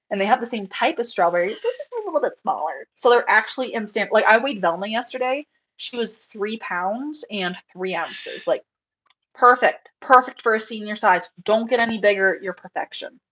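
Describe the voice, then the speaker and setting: A young woman chats casually on a live show. She rambles in an animated way, full of fillers and little acted-out quotes. Her voice sits at a middle pitch. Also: poor audio. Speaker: rabbit breeder on a live show. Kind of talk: casual chat.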